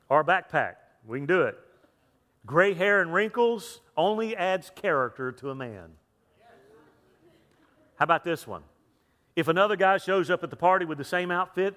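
A man's voice: a little high, expressive, normal speed, long pauses, fairly bright tone. A male pastor giving a chatty sermon, repeating words and putting questions to the congregation. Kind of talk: sermon with jokes and a story. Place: church sanctuary. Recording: long reverb of a large hall.

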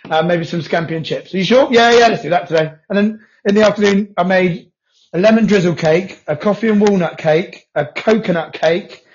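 Fast-talking man, high and swearing. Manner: swears freely, quick rambling talk. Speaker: podcast co-host. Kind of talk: casual chat. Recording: dull lo-fi audio.

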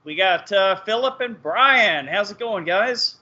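High-voiced energetic man hosting. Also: measured pace. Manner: energetic, laughing, profane banter. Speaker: podcast host. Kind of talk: casual chat. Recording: dull lo-fi sound.

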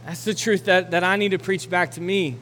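Young guy pastor preaching, kinda high voice, gets loud and urgent then goes quiet, big hall echo and some faint hiss. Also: steady tone, a little fast. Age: young adult. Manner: builds to loud, urgent exhortation; quiet, reflective close. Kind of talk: sermon. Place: church auditorium. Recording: long hall reverb with faint noise.

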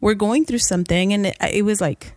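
A young woman chatting on a podcast, telling a story with lively swings up into high acted-out lines. Her voice sits at a middle pitch and sounds dry and close, with little room around it. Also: fairly quick, dry recording. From Mexican-American family. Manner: animated storyteller, acts out quotes in high voices. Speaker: podcast co-host. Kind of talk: casual chat.

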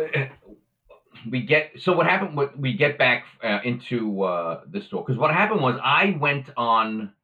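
A man telling a story as a guest in casual conversation, animated and acting out the voices of the people he quotes. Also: medium pitch, narrow, tinny audio.

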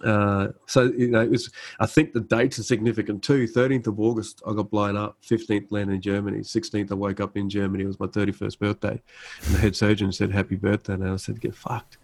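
Laid-back low-voiced man telling war stories. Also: flat delivery, fairly quick, rough recording. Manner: laid-back, frequent fillers and restarts, acts out quoted dialogue. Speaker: guest, army medic. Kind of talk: conversational storytelling.

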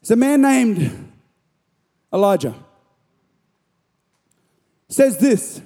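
A young man preaching a sermon in a church hall, animated and rising to shouts on key lines. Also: sits high, normal speed. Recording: long hall reverb.

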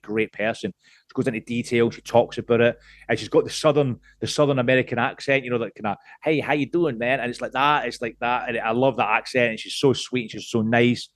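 A man's voice: medium pitch, no echo, studio quality. A man in his late thirties, from Scotland, talking as a podcast guest in a casual chat. He rambles, restarts a lot and swears freely. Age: late 30s.

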